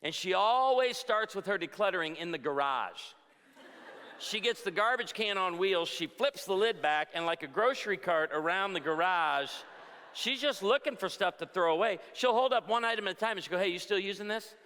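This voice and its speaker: A man's voice: sits high, expressive, moderate pace, bright, forceful tone, clean tone. A man in his forties, a pastor giving a humorous conference talk to a live audience, telling jokey stories and asking the crowd for amens. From outside Chicago. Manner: joking storyteller, punchlines, asks the crowd for amens. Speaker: pastor and speaker. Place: large hall before a live audience. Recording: reverberant hall.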